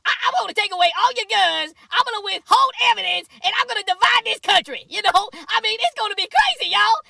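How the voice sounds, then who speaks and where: A woman doing a comedy sketch impression of a giggly, rambling female politician who talks in quick bursts. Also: very high-pitched, gravelly, pushed and bright, no echo, studio quality, exaggerated voice.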